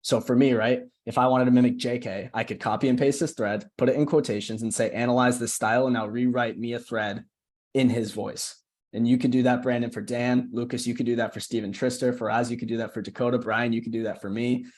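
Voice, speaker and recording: A man's voice: medium pitch, fairly even intonation, brisk, a little mellow. Casual chatty man coaching on a call. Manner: casual, chatty, keeps asking "right?". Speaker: social media coach. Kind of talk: casual screen-share tutorial on a call.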